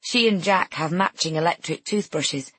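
Low, husky woman narrating. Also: normal speed, fairly bright tone, no room sound. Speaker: audiobook narrator. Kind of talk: first-person fiction narration.

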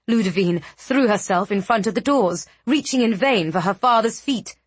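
A woman narrating a fantasy novel with measured, dramatic storytelling. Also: medium pitch, slightly rough, no room sound. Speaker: audiobook narrator.

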